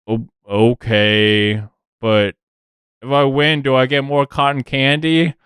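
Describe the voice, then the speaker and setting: A man's voice: medium pitch, steady tone, slow, fairly bright tone, clean tone, no echo, studio quality, voice pushed up. A man voicing a timid, childlike male orc fighter who pleads hesitantly in a slightly raised voice. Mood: hopeful.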